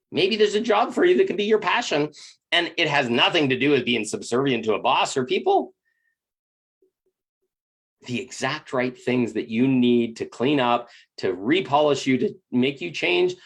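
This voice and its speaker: A man speaks in an earnest, animated way about inner growth, now and then slipping into little acted-out quotes. His voice sits a bit higher than most men's and carries a rough, gravelly fry. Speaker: spiritual teacher. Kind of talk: motivational spiritual talk.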